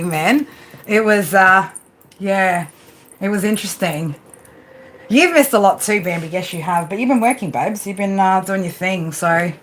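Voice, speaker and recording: A woman's voice: mid-range voice, fairly bright tone. A woman tarot reader hosting a casual live stream from home, chatty and swearing freely as she talks to viewers and her pets by name.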